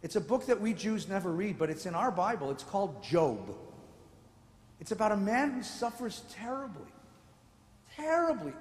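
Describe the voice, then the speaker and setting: A man, a rabbi, giving a theatrical lecture in a large synagogue sanctuary, acting out voices and joking with the audience. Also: high-pitched. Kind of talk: lively sermon-style lecture. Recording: echoey hall with long reverb.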